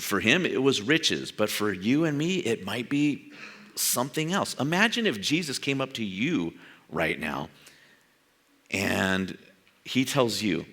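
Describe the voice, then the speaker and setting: A man's voice: medium pitch, a bit bright. An older man from San Jose preaching a sermon in a conversational way, acting out quoted dialogue and chuckling at his own asides. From San Jose, California. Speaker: pastor.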